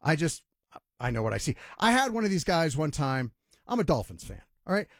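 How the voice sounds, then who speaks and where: A man's voice: a little high, sing-song, fairly quick, no room sound, studio quality. A man hosting a sports talk radio show, ranting emphatically and mocking others in voiced quotes.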